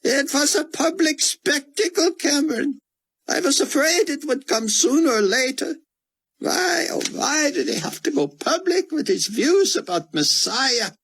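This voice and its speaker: A man voicing an elderly male scholar who pleads anxiously in a high, urgent voice. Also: big pitch swings, unhurried, fairly bright tone, full character voice, poor audio. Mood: pleading, anxious.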